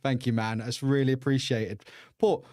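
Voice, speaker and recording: A man's voice: mid-range voice, fairly even intonation, normal speed, a little mellow, no room sound, studio quality. An English man hosting a casual live-stream podcast, chatty and laughing often as he greets viewers. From England. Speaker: podcast host.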